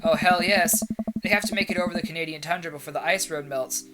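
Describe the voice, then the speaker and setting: A woman hosting a casual let's play, reading a dating game's text aloud in a playful way, over loud game music. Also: sits low, rapid-fire, very noisy.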